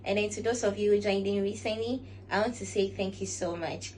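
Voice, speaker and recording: A woman giving measured, instructive lifestyle advice to camera. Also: medium pitch, steady tone, darkish tone, slight background noise, poor audio. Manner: measured and instructive, often recaps with "all right". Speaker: lifestyle vlogger. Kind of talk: casual advice talk to camera.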